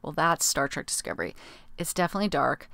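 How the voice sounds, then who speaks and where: A middle-aged woman hosts a casual solo podcast, talking in a chatty, rambling way full of fillers. Her voice sits on the low side. It is recorded close and dry, with no room sound. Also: sing-song, fast talker, creaky, pushed and bright, dry recording. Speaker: podcast host.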